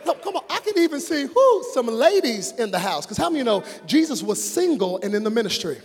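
A male preacher giving an animated sermon, moving between hushed storytelling and shouted, drawn-out phrases. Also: very high voice, slightly rough, soft background music. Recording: long reverb of a large hall.

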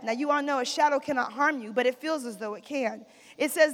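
A woman's voice: high-pitched, a little fast. A woman preaching a sermon in a church, calling for amens from the congregation and repeating lines for emphasis. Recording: long reverb of a large hall.

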